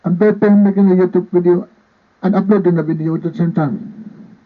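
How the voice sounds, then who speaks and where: A man's voice: high-pitched, fairly even intonation, fairly quick, faint music behind. A man chatting in a playful, repetitive way while making a casual vlog, holding a handheld microphone and talking to a partner off camera. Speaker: vlogger. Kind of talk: casual rambling vlog chat. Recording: tinny phone-like sound.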